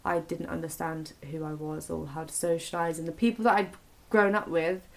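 Young woman, low gravelly voice, rambling, sweary, halting restarts, casual chat. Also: steady tone.

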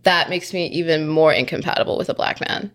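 A woman's voice: low-pitched, fairly quick, a bit bright. A woman co-hosting a podcast, talking casually in a blunt, provocative and teasing way. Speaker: podcast co-host. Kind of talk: casual chat.

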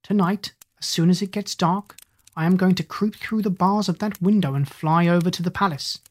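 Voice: mid-range voice, moderate pace, close to an everyday voice. A reader voicing a clever, self-assured female parrot. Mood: confident.

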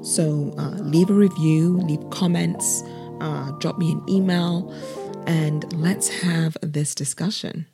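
A woman's voice: sits low, fairly even intonation, takes it slowly, over music. A young British woman of Nigerian heritage hosting a podcast, reading a reflective essay aloud in an earnest way. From Britain, Nigerian heritage. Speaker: podcast host. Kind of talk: casual intro then read-aloud essay.

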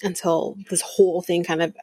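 A woman's voice: on the low side, little pitch movement, normal speed, warm tone, breathy edge, no echo. A woman hosting a podcast, recapping a reality show in a blunt, exasperated way and swearing freely. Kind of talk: casual recap commentary.

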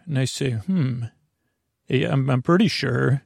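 A man hosting a bedtime podcast with a creaky voice, talking in a meandering, self-interrupting way and drawing out his words. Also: medium pitch, normal speed, no echo, clean studio sound. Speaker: host. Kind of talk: rambling bedtime podcast monologue.

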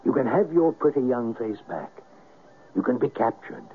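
An actor playing a mysterious, commanding foreign hypnotist in a 1970s radio drama, with a purring, theatrical delivery. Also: male voice, mid-range voice, animated, moderate pace, a little hiss or hum, natural voice. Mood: sly. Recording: tinny lo-fi radio broadcast.

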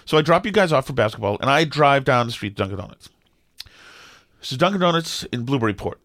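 A middle-aged man, co-hosting a podcast and telling a story in an animated, exasperated way with lots of restarts. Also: mid-range voice, fast talker, dry recording, studio quality. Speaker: podcast co-host. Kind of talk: casual storytelling chat.

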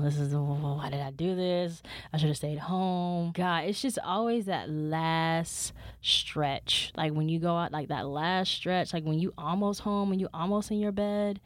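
A young woman from New York hosting a podcast, telling stories in a casual, profane, animated way full of slang. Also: sits low, no echo. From New York City. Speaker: podcast host. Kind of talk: casual storytelling monologue.

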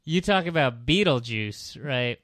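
A man's voice: medium pitch, expressive, a little slow, fairly bright tone, no echo, studio quality. A man co-hosting a casual film chat, skeptical and complaining about an old movie. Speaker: podcast co-host.

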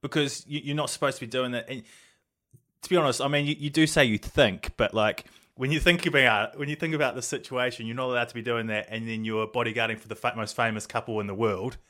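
A male podcast host leads his guest with questions, drawing his phrasing out. His voice sits at an ordinary mid pitch and stays casual. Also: fairly even intonation, fast, a bit bright. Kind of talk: interview questions.

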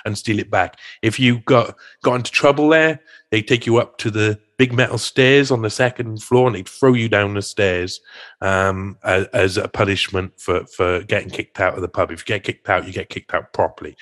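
Low-voiced man talking haltingly. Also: fairly even intonation, fairly bright tone. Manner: halting, stammering restarts. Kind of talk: conversational interview talk.

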